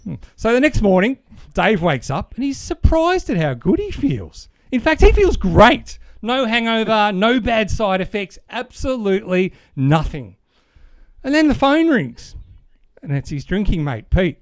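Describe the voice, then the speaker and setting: Australian male podcast co-host, rambling joke-teller with an animated, higher voice, close and dry. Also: a little slow, dry recording. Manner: rambling, fond of fillers, chuckles at own jokes. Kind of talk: casual banter, telling a dad joke.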